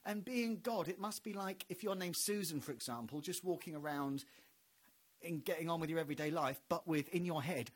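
A man from England hosting a podcast, delivering a rambling, wry comic monologue that builds to shouted bits. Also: sits high, a little fast. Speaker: podcast host.

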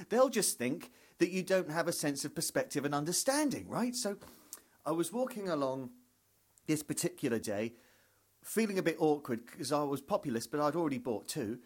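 A man tells a rambling comic story on his podcast, mocking his own motives as he goes. His voice sits a little high and moves around a lot, and he acts out the people he meets in quick little scenes. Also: very animated, breathy edge. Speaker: comedian podcaster.

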